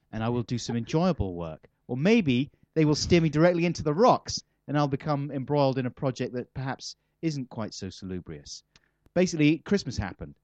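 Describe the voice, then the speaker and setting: A man's voice: medium pitch, darkish tone, dry recording. This man talks in a loose, rambling way, full of self-mockery and dry wit. He answers interview questions casually as a comic guest. The recording is slightly dull and dry. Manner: rambling, self-mocking, wry. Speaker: comedian interviewee.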